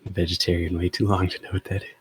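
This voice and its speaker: A man's voice: deep voice, flat delivery, quick pace, husky, no room sound. A man playing a tabletop game, joking around with friends in casual chat. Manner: joking, slips into character lines. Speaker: player.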